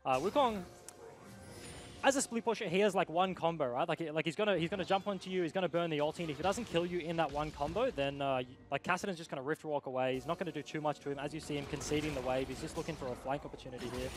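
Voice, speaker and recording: A young man giving quick, analytical play-by-play for an esports match. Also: a little high, soft background music. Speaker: esports caster. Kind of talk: fast esports commentary.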